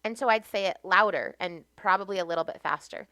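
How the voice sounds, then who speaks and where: Bright, clear-voiced American woman. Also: mid-range voice, fast, no echo. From United States. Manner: animated, laughs often while telling stories. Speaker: podcast guest. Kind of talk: casual storytelling.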